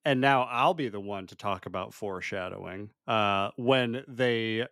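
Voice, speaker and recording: A man's voice: on the low side, fairly bright tone, no echo, studio quality. Amused, chatty man podcast co-host. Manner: chatty, amused, quick to laugh. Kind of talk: casual chat.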